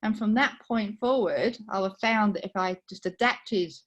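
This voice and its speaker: A middle-aged woman with a British accent and a faint Australian twang, soft-spoken, telling a personal story to a speaking club over a video call. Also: mid-range voice, unhurried, muffled recording. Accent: British with a slight Australian twang. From United Kingdom. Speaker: guest speaker.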